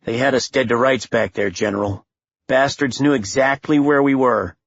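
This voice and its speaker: Narrator dude doing a terse wry marine sniper, husky dry voice, dull recording. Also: male voice, mid-range voice, normal speed, no room sound. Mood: tense, wry. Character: tough male Marine sniper, wry and steady.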